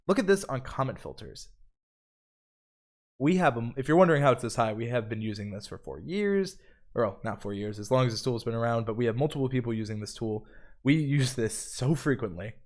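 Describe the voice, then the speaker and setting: An upbeat man hosts a live stream tutorial, reading viewer comments aloud and giving chat shout-outs between explanations. His voice is medium in pitch with a darkish tone.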